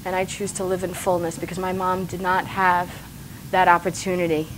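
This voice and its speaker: A woman's voice: fairly low pitch, level tone, a little fast, slight background noise, poor audio. A woman in her forties, a talk show guest, speaking earnestly while tearful and emotional. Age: 40s. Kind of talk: casual interview.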